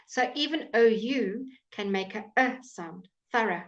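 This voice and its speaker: Female pronunciation teacher, fairly high voice, very slow deliberate drilling, dull lo-fi stream audio. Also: animated. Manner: slow, patient, repeats words for drilling. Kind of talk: live online language class. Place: home. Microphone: computer mic on a live stream.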